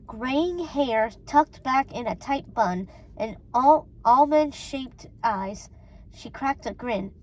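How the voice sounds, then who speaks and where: A woman's voice: sits high, low-quality recording. Woman reading a children's story aloud. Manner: expressive, storytelling. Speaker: storybook reader. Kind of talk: children's read-aloud narration.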